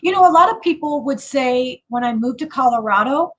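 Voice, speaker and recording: A woman's voice: high-pitched, lively intonation, brisk, fairly bright tone, rough recording. A woman with a Chicago accent hosting a casual livestream chat, laughing often and stopping to restart with lots of fillers. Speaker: livestream host.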